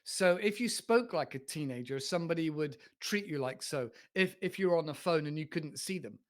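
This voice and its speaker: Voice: mid-range voice, lively intonation, moderate pace. A host of an English-learning channel, chatting casually in an interview and rambling through questions. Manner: rambling, with many restarts and a chatty tone.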